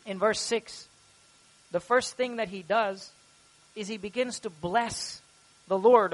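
A pastor delivering a sermon, a man with a notably high-pitched voice. He preaches earnestly, growing loud and animated when voicing prayers aloud. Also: low-quality recording.

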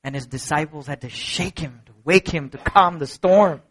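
Earnest high-voiced male preacher. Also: normal speed, husky. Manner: earnest, rising to emphatic peaks and dropping to soft low passages. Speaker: pastor. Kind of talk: sermon.

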